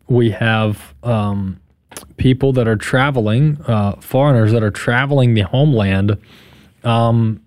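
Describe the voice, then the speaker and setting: Brief: male radio host, mid-pitched, chatty and emphatic commentary. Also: darkish tone, no echo, studio quality. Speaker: radio talk show host.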